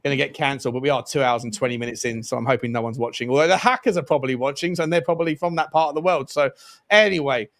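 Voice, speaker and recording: A man hosting a casual livestream chat, reading super chats in a jokey, quick way. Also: medium pitch, fairly bright tone. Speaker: host.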